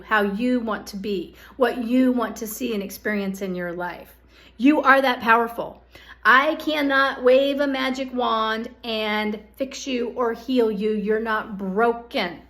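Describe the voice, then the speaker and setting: A woman's voice: fairly high pitch, unhurried, fairly bright tone. A woman giving a direct-to-camera psychic energy forecast, earnest and coaxing, often checking in with "okay?" as she speaks straight to the listener. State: hiccups.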